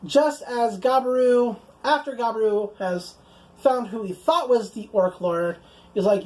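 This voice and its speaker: A young woman casually recapping anime episodes, chatty and relaxed, full of "like" and casual swearing. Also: on the high side, unhurried, low-quality recording. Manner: chatty, fills speech with "like", swears casually, acts out quoted lines in passing. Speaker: anime reviewer.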